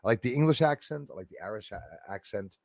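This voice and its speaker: A man's voice: medium pitch, lively intonation, fast talker, gravelly, a little mellow, dry recording, studio quality. A man chatting casually on his livestream, laughing often and reading out viewer names. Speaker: livestream host.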